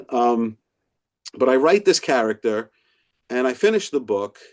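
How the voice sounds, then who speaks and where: Animated middle-aged man telling a story. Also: mid-range voice, a little slow. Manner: animated storyteller who acts out quoted voices. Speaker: author and professor, podcast guest. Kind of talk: casual storytelling interview.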